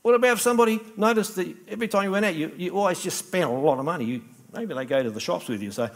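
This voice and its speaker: A man's voice: high voice, lively intonation, fast talker. A middle-aged man preaching a sermon in a conversational way, acting out little dialogues. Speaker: pastor.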